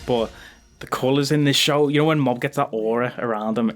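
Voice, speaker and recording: A young man hosting an anime reaction video, talking casually and excitably with lots of slang and fillers. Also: mid-range voice, a little fast. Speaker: anime reaction channel host.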